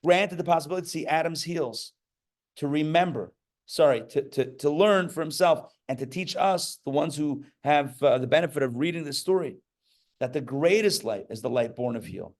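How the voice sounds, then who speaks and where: A man preaching as a rabbi at a live class, his voice a little higher than most and gravelly. He is animated, acts out the people he quotes and breaks into jokey asides. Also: normal speed. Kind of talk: lively sermon. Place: live class before an audience.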